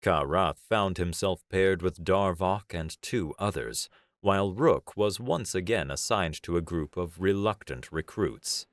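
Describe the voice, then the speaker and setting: A man narrating a science fiction story in a measured, dramatic storytelling style. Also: sits low, dry recording. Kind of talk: audiobook sci-fi narration.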